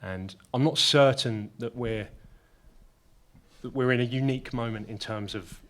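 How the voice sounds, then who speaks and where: A man speaking on a debate panel in a careful, measured, hedging way. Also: medium pitch.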